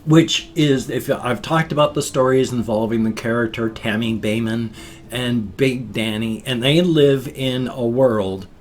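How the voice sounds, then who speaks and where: A man's voice: mid-range voice, darkish tone. An older man talking in a folksy, chatty way as a vlogger, rambling through a casual daily vlog. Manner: folksy, chatty, says thumbs up often. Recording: faint guitar music behind.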